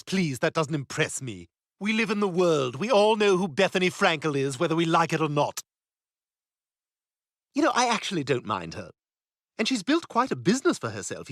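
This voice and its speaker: A man's voice: on the high side, fairly bright tone, no echo, studio quality. An actor voicing a snobbish, catty toddler boy who talks in a pompous, sarcastic way.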